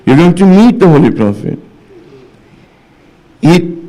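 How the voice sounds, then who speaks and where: A man's voice: big pitch swings, a little slow, pauses often, mellow. A man giving a religious sermon in a mosque hall, retelling stories with quoted dialogue and rising to impassioned pleading. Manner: rises to impassioned, high-pitched pleading near the end. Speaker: religious speaker. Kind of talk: majlis sermon.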